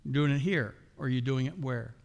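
A man's voice: medium pitch, fairly quick, gravelly, a little mellow. A middle-aged man preaching a sermon as a pastor, asking the congregation rhetorical questions. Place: church sanctuary. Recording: long hall reverb.

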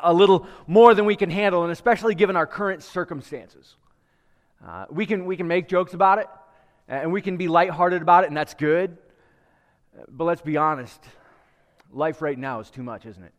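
A man preaching in a church in a fairly high voice, talking with the congregation and putting questions to them instead of lecturing. His voice trails off into a long hall reverb. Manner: conversational, asks the congregation questions. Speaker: pastor. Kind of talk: sermon with prayer and storytelling. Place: church sanctuary with a live congregation.

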